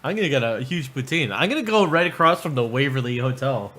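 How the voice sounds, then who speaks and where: A man's voice: mid-range voice, lively intonation, fast, sharp tone. A man hosting a livestream, commenting casually with profane, sarcastic remarks. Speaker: livestream host.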